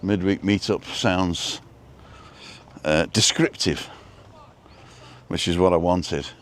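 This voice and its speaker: Driving and filming from inside a car, a man chats casually on a live-stream, reading viewer comments in a dry, joking manner. His voice is low-pitched and slow.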